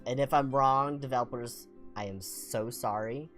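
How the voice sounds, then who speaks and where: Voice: mid-range voice, normal speed, soft background music. A young adult streamer from the American South with a Southern accent, telling a rambling, self-deprecating story and reading game text aloud in a casual let's-play. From Southern United States.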